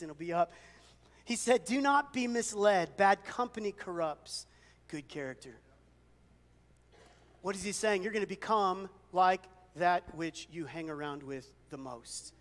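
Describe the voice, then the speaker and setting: A long reverb from the sanctuary's hall lingers after each phrase as this pastor delivers his sermon. His voice is fairly high and a touch bright, and he tells stories casually, often poking fun at himself.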